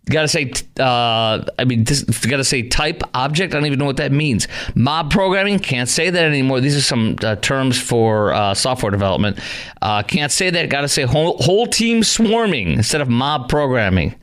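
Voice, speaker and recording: A man's voice: mid-range voice, animated, normal speed, a bit bright. A middle-aged man hosting a call-in talk radio show, sarcastic and exasperated, scoffing at what he reads out.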